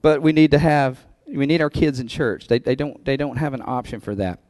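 Slightly fast and a little mellow, this mid-range male voice belongs to a pastor giving a sermon at his church. His tone stays conversational, with laughs between points and climbs to emphatic highs. No room sound is audible.

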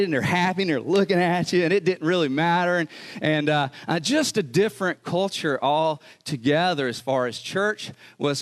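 Casting: male pastor, slightly higher voice, lively storytelling sermon delivery. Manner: animated, chatty, laughs and acts out quotes.

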